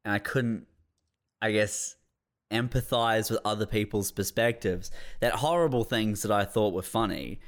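A man's voice: lowish voice, normal speed. A man co-hosting a comedy podcast who speaks hesitantly and reflectively, with many fillers. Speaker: podcast co-host. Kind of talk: casual comedy podcast chat.

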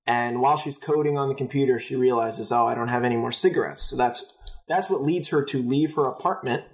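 A young man co-hosting a casual podcast, walking through a plot step by step in a steady, easygoing manner. His pitch sits in the middle for a man. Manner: steady, narrating plot in order. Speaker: podcast co-host. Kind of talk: casual chat recap.

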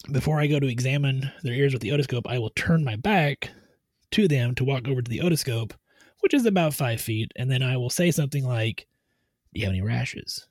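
A man who gives medical exams, explaining his routine step by step in a steady, methodical way on a podcast. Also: mid-range voice, no echo. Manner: steady, methodical, tries to stay on task. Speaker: medical provider doing truck-driver physicals.

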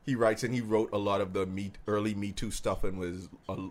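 A man's voice: fairly low pitch, fairly even intonation, a little fast. A man co-hosting a podcast in casual chat, opinionated, arguing at length with his voice rising when worked up. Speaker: podcast co-host.

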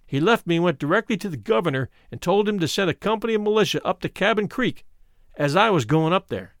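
A man giving a dramatic, expressive reading of a first-person memoir. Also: high voice, fast, dry recording, studio quality. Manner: expressive, shifts to stirring emphasis. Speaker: reader.

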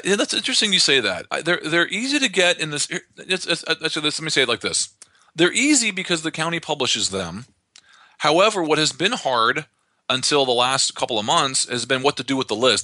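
Male real estate investor guest, quick, sharp-toned, rambling explainer. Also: medium pitch, no room sound. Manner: fast, animated explainer with frequent restarts. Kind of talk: conversational podcast interview.

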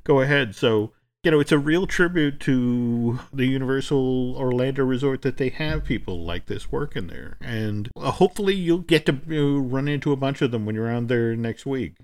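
A man co-hosting a chat show, telling a story at length in a halting, conversational way with many restarts. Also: mid-range voice, a little mellow. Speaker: podcast co-host. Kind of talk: casual chat.

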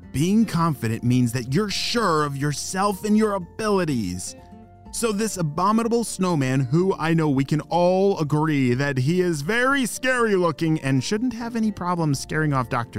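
A man hosting a children's podcast, narrating bedtime stories in an upbeat, animated way. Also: high-pitched. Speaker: children's podcast host and storyteller.

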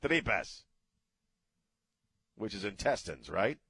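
A man's voice: on the low side, normal speed, fairly bright tone, dry recording. A middle-aged man hosting a radio talk show, ranting bluntly in a casual way and cursing freely.

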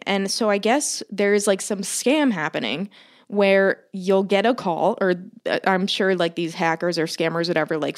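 Woman podcast co-host, casual storytelling, chatty, swears a lot, thirties. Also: fairly low pitch. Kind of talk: casual chat.

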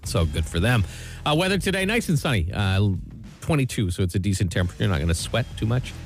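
A man running through the news on a radio show in a low, easygoing voice, adding wry asides. Faint music plays underneath. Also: very animated, fast talker. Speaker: radio host reading the news. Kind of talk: radio news rundown and banter.

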